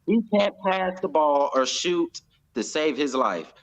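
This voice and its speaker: An American man giving a fan's reaction to a football match in casual chat, growing loud and animated when he acts out the coach. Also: on the high side, slow. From United States. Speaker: fan pundit.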